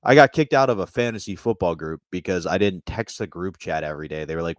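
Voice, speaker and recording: A low-voiced man trades crude jokes as co-host of a comedy chat show. His voice sounds dry and close to the mic. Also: brisk, no room sound. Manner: crude, joking banter. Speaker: podcast co-host.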